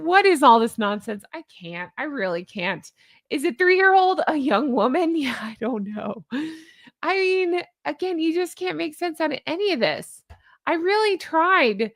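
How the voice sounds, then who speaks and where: A woman's voice: high-pitched, animated, moderate pace, a bit bright, dry recording, clean studio sound. A woman in her forties giving casual commentary as a vlogger, sarcastic and exasperated, often laughing. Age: 40s.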